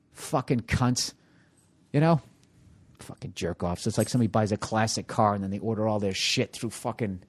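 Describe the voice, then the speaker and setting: A male podcast host on a foul-mouthed comedic rant. He fires rhetorical questions at his listeners, flaring up into loud outbursts and then dropping into grumbling mutters. His pitch sits in an ordinary middle range for a man. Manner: animated, profanity-laced ranting that swings between loud outbursts and low muttering.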